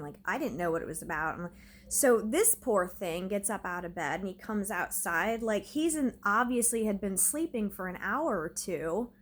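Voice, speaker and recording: A woman's voice: mid-range voice, a bit bright. A woman vlogging from her own home, telling a story in an agitated, rambling way, full of "like". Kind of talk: casual storytelling to camera.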